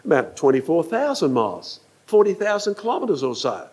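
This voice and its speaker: Older male preacher, animated sermon delivery with a somewhat high voice, acts out quoted lines. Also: fairly quick, breathy edge.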